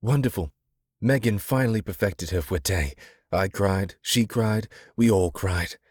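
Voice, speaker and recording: A male narrator voicing a playful young English woman, a dance teacher, with a lively, teasing manner in an audiobook. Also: fairly low pitch, unhurried, husky, no room sound, clean studio sound, voice pushed up. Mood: tearful joy. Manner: lively, cheeky, exasperated teasing. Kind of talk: audiobook character reading.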